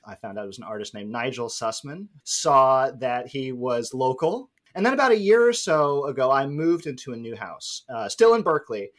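A man's voice: mid-range voice, expressive, moderate pace, few pauses. A man with a mid-range voice co-hosts a podcast. He tells a casual story, rambling with fillers and self-deprecating asides. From San Francisco Bay Area. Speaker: podcast co-host.

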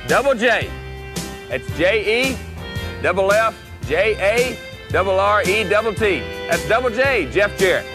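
A man plays a swaggering young wrestler with a thick Tennessee twang, bragging and sneering in a drawling promo voice. The voice sits high, and country guitar music plays loudly behind him. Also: lively intonation, measured pace. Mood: gloating. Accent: Southern US, Tennessee. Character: cocky young male wrestler, would-be country star. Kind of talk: archival promo vignette.

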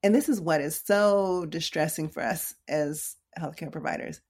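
An emergency room nurse offers casual, conversational advice, slangy and direct with her listeners. Her voice is deep and darkish, at a normal speed.

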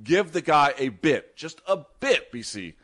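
A man co-hosting a sports talk show, giving fast, animated, opinionated takes. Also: on the high side. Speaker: podcast co-host. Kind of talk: casual sports chat.

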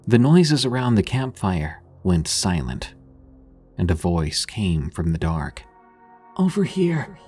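A man narrating a scripted horror story in a husky voice, lifting his voice for the characters' lines. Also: low voice, darkish tone.

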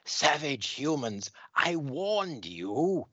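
Brief: menacing alien woman with broken grammar, slow and raised in pitch, put on by a man. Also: sing-song, sharp tone, slightly rough, no echo, muffled recording, full character voice. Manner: slow, halting broken English. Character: menacing female alien soldier, broken speech.

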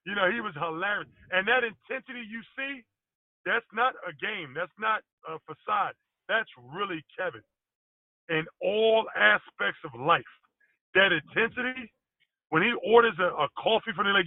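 A man and former basketball pro telling animated stories with loose, chatty grammar. His voice sits high and comes over a tinny phone line. The sound is dry and close. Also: moderate pace, no room sound. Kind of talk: casual interview storytelling.

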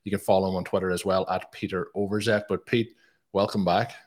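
Low-voiced podcast host. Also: male voice, little pitch movement, fairly quick. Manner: chatty, promotional, frequent fillers. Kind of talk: casual podcast chat.

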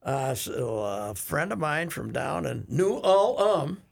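A man's voice: fairly high pitch, very animated, takes it slowly, creaky. A man co-hosting a casual radio talk show, telling rambling stories with many restarts, possibly. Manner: rambling storyteller, frequent "uh" restarts, bursts of laughter. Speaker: radio co-host. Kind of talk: casual chat.

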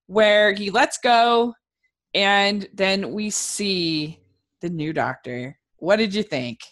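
Woman, casual chat, relaxed, hesitant, many pauses. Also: medium pitch.

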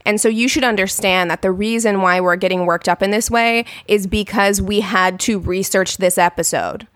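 A woman co-host talks in a measured, thoughtful way and speaks straight to her listeners. Her voice is mid-pitched and sounds close and dry, with no room echo. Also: steady tone, fairly bright tone. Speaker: podcast co-host. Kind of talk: podcast discussion.

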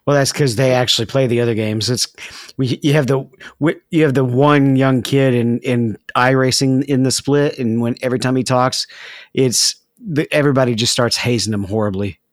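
A man's voice: medium pitch, fairly even intonation, normal speed, dry recording. A man with a mid-range voice chatting as a podcast co-host, upbeat and keen to keep things moving. The recording is close and dry. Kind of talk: casual chat.

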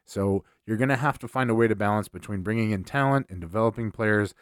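Brief: male sports podcast host, casual and conversational, slightly low voice, dry recording. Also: fast, smooth, no room sound. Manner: conversational, repeats words at starts.

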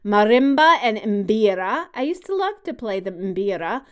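A woman's voice: mid-range voice, sing-song, measured pace, clear, resonant tone. A woman co-hosting a podcast who explains things patiently, like a music teacher, and sounds out her examples. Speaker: podcast co-host. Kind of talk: casual podcast chat.

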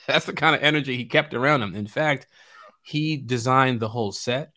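A middle-aged man from Chicago, a guest telling a story in casual chat, animated and laughing as he acts out quotes. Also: medium pitch, normal speed.

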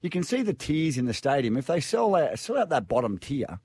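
A man's voice: on the high side, big pitch swings, fairly quick, darkish tone, slightly rough, no echo. Rambling Australian man on sports radio. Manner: rambling, repeats words while building a point. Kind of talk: casual sports chat.

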